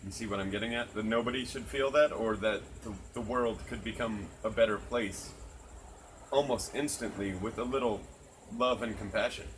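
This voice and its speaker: A man's voice: on the low side, moderate pace, slight background noise, poor audio. A man in casual chat, talking earnestly and reflectively and swearing freely, outdoors at night. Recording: crickets chirping loudly behind.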